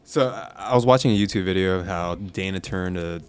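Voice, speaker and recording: Low-voiced curious man hosting. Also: brisk, clear, resonant tone. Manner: curious, asks questions. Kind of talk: casual podcast chat.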